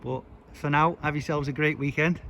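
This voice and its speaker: A fairly high-voiced man talks as he walks an outdoor street, chatty and rambling with plenty of fillers. His handheld camera also catches clear traffic and street noise around him. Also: steady tone, normal speed, fairly bright tone, rough recording. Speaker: vlogger. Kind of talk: casual walking vlog narration.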